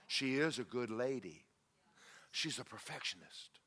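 A man's voice: mid-range voice, animated, a little slow, sharp tone, slightly rough. A middle-aged man preaching a sermon. He tells folksy stories and rises into fervent prayer. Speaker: pastor.

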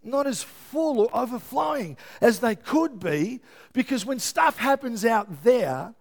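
A man preaching a sermon as pastor, lively and often checking in with his listeners. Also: very high voice, measured pace, gravelly. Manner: lively, keeps checking in with the congregation.

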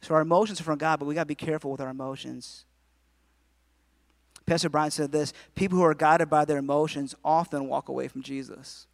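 A man's voice: on the high side, fairly even intonation, fairly quick, vocal fry, no echo. A man in his forties preaching a sermon in a conversational way, with jokes and asides to the congregation. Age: 40s. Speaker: pastor.

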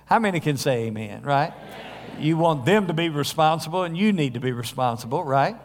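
A male pastor preaching a sermon in a church, telling stories in a conversational way with frequent pauses. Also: a little high, lively intonation, slight background noise. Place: church sanctuary. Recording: long hall reverb.

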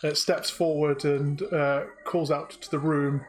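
A man narrating as game master of a tabletop game, halting with many fillers. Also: a little high, level tone, poor audio.

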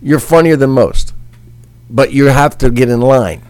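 A man's voice: medium pitch, measured pace, darkish tone, poor audio. A man who has written a book and booked comedians, talking casually and explaining things at length with many you-knows. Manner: explanatory, lecturing, with many 'you know' fillers. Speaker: comedy club manager and author. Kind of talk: casual conversation.

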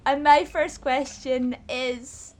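Female co-host with a high voice, playful and giggly, and a loose, hesitant delivery. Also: fairly even intonation, slow pace, a loud crowd. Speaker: podcast co-host. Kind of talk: casual chat about a TV show.

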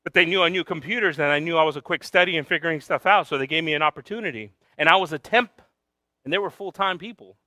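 A pastor tells a personal story in his sermon, swinging from loud shouts to near whispers and now and then switching to Spanish for the congregation. He talks fast in a fairly high voice, and the recording is studio quality with no echo.

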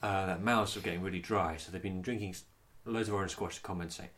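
Low-voiced chatty man. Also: fairly even intonation, fairly bright tone, slight background noise. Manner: chatty, quick to laugh, playing along with mock seriousness. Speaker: co-host playing the hero of the scenario. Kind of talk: improvised comedy podcast chat.

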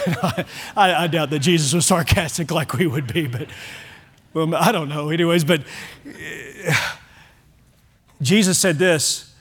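A man preaching a sermon as pastor, driving points home with shouted emphasis and rhetorical questions. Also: on the high side, measured pace, slightly rough.

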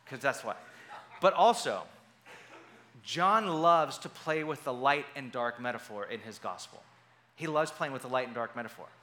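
A man preaching a sermon, retelling a scripture passage with animated storytelling and briefly acting out the voices of the people in it. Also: medium pitch. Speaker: pastor.

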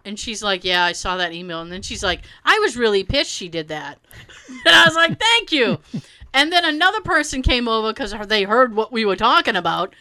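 A woman in her thirties hosting a casual chat, animated and profane, laughing often. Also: on the high side, brisk. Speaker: podcast host.

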